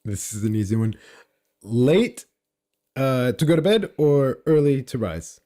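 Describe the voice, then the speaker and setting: A man's voice: mid-range voice, expressive, unhurried, warm tone. Hesitant man hosting a podcast interview. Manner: hesitant, many fillers and restarts. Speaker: podcast host. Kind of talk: casual interview chat.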